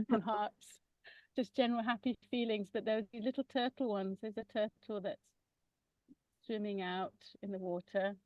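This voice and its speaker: A woman gently describing her children's massage work, pausing often with ums. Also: medium pitch, fairly even intonation, dry recording, lo-fi sound. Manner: gentle, hesitant with many ums. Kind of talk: casual conversational sharing.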